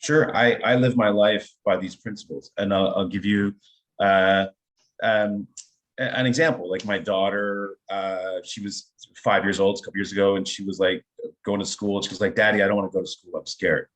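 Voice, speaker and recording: This middle-aged improv teacher has a fairly low voice and sounds enthusiastic as he tells stories in a laid-back interview. His pace is normal, and he keeps tossing in "right?" while personal anecdotes carry his points in easy conversational storytelling.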